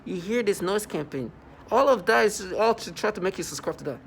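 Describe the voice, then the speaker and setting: A man's voice: high voice, animated, fairly quick, creaky, a bit bright, a little hiss or hum. A man in a rambling, scornful monologue to his viewers, repeating himself and breaking into mocking laughter. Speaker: vlogger. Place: New York City.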